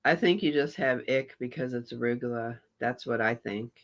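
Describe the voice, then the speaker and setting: A man's voice: mid-range voice, normal speed, a bit bright. A man doing live reaction commentary on a clip, mocking and sarcastic, greeting viewers in chat. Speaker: reaction streamer.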